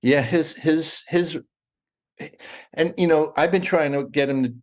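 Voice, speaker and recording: A middle-aged man speaks as a guest in a casual interview, his voice sitting on the high side and moving a little slowly. He rambles, restarting his sentences often and leaning on fillers.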